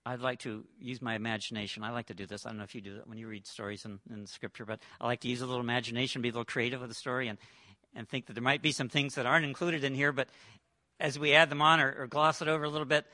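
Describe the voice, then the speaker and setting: A man preaching a sermon, retelling a parable with dramatic swings between loud and hushed delivery. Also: mid-range voice.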